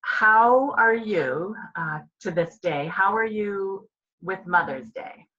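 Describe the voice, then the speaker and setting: A woman hosting an interview, asking gentle questions. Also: medium pitch, slow pace, highs cut off. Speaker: interview host.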